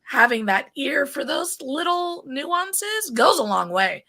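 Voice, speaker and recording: A woman hosting a podcast interview, chatty and quick to laugh, with plenty of fillers. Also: high voice, very animated, vocal fry, pushed and bright. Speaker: podcast host. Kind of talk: casual interview chat.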